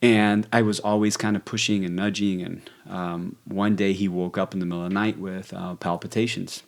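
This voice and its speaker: A man talking as a podcast guest, telling a story in a relaxed, conversational way with frequent fillers and restarts. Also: low voice, normal speed, vocal fry. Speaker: podcast guest, exercise physiologist.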